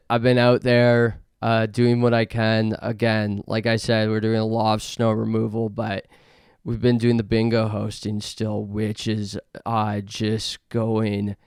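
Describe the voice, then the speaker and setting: A young adult man from Canada hosting a podcast, rambling through an absurd comedic monologue in a deadpan way, with lots of fillers. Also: fairly low pitch, creaky, clear, resonant tone, no room sound, studio quality. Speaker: podcast host.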